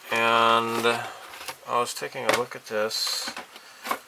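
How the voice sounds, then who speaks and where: A man's voice: mid-range voice, level tone, slow pace, creaky, noisy background. A man hosting a casual hobby vlog from a cluttered room at home, rambling and hesitant with many fillers. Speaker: hobby channel host. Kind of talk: casual monthly update vlog.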